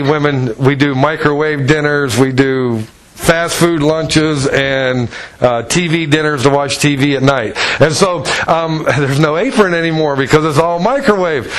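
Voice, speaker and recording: Folksy man preaching with a raised pitch. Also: a bit bright. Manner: folksy storytelling with acted quotes. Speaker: pastor. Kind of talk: sermon.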